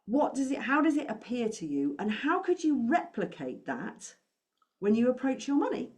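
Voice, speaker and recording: Encouraging money coach. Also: female voice, fairly high pitch, very animated, normal speed, darkish tone. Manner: encouraging, asks the listener many questions. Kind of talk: motivational talk to camera.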